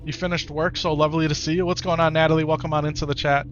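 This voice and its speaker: A man from Wisconsin, with the accent to match, streams a video game live, chatting easily with viewers as he reads chat and often repeating his own phrases. His voice is a little high and level in tone, and he talks at a racing pace. The audio is dull, with faint music in the background.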